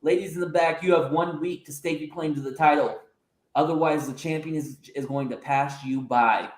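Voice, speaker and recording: A haughty, taunting female wrestling champion, put on by a man in a raised, somewhat higher voice. She brags without pause and sneers at everyone around her. The room adds a roomy echo. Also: steady tone, lightly acted. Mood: boastful.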